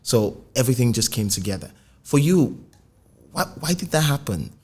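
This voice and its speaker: A man hosting a music podcast, asking questions in a relaxed, conversational way. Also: medium pitch, moderate pace, breathy edge. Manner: conversational, frequent short affirmations. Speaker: podcast host, music journalist. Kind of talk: casual interview.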